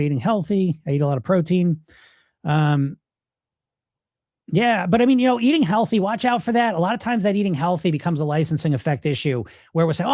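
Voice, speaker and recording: Man, weight loss coach, blunt, emphatic, slightly high voice, dry close sound. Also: a little mellow, no room sound. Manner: blunt, emphatic, swears freely. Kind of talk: casual live Q&A coaching.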